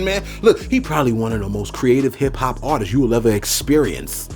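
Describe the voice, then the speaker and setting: A man's voice: medium pitch, sing-song, a little fast, hardly any pauses, darkish tone, faint music behind. A man hosting a casual commentary channel, talking in a loose, slangy, joking way.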